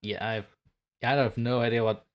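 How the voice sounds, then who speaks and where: Livestream host, man, mid-pitch voice, teasing chat-reader, playful and a bit scatterbrained. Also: little pitch movement, moderate pace. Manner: playful, teasing banter while reading chat aloud. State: just got home, a bit scatterbrained.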